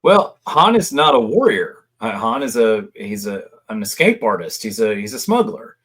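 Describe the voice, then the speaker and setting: A man's voice: lowish voice, sing-song, moderate pace, fairly bright tone, husky. A man co-hosting a casual podcast discussion, talking in a reflective, chatty, storytelling way. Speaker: podcast co-host.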